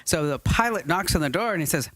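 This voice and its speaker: A woman's voice: on the low side, expressive, fast, no echo. A woman hosting a tech podcast in casual studio banter, chatty, laughing often, telling stories with energy. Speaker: podcast host.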